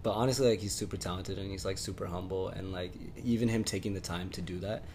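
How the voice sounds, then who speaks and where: A man from Canada, a music artist, telling a studio story in a relaxed way, with lots of fillers and casual swearing. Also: sits low, fast, a little hiss or hum. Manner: laid-back, lots of filler words and laughs, casual swearing. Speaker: interview guest, music artist.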